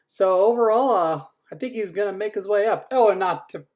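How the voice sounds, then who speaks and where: A man playing fantasy football league commissioner gives a casual, teasing rundown of each team's draft picks, swearing now and then. His voice sits high, a little mellow, and he talks fairly quickly.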